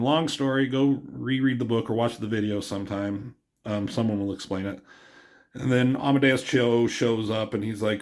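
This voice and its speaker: Reviewing a comic book on video, this man wanders through his thoughts, full of filler words and the occasional chuckle at his own jokes. He has a mid-range voice with fairly even intonation and a normal speaking speed.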